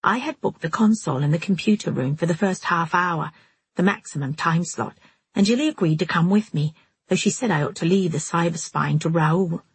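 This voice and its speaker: Woman audiobook narrator, low and husky, steady delivery. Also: a little fast, no room sound. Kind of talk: scripted first-person narration.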